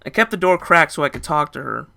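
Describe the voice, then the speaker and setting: A man's voice: on the high side, expressive, quick pace, creaky, sharp tone. A young man narrating a first-person story in a casual, rambling way.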